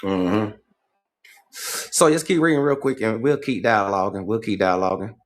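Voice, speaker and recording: A man with a low-pitched voice hosts a casual livestream. He reads passages aloud and breaks off to comment in streetwise, profane slang, hammering his points home by repeating them. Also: measured pace. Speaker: livestream host.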